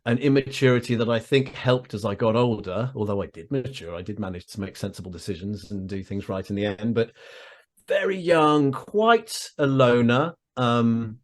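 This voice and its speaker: A man's voice: mid-range voice, moderate pace. A middle-aged Englishman with a Surrey accent, an actor chatting in an interview over a video call, self-deprecating and laughing often. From England. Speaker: actor and audiobook narrator guest.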